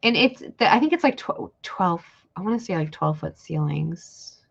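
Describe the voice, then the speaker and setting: A woman's voice: fairly low pitch, big pitch swings, moderate pace, creaky, breathy edge. A woman hosting a live online sale, chatting casually and rambling while she thanks viewers by name. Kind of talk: casual live-stream selling. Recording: dull lo-fi stream audio with faint noise.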